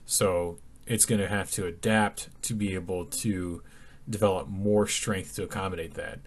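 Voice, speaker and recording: A man's voice: deep voice, steady tone, moderate pace, a little hiss or hum. A young man talking casually over his workout footage, sleepy and yawning, with lots of ums and restarts. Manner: rambling, many ums and restarts. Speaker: fitness vlogger.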